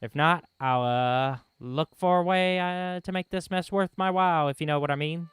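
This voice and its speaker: A man voicing a gruff, greedy mercenary dwarf with a Southern US accent and a blunt, folksy drawl. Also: fairly high pitch, normal speed, a bit bright, no room sound, studio quality, lightly acted.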